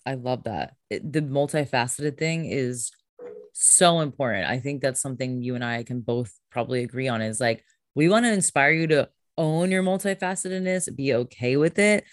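A woman's voice: very deep voice, normal speed, no echo, studio quality. A woman guest on a podcast, a coach, talking enthusiastically and emphatically in casual chat.

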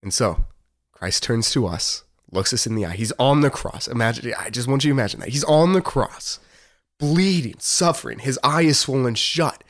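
Young guy podcast host, average pitch, chatty and earnest, lots of likes and laughs. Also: lively intonation, normal speed, fairly bright tone. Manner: earnest and rambling, with frequent fillers and laughs. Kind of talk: casual faith talk.

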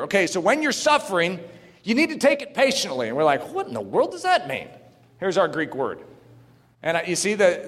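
A man preaching a sermon to a congregation, reading quotes aloud and joking, then rising to shouted, fervent preaching. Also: high-pitched. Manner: builds from calm teaching to shouted preaching. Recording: long hall reverb.

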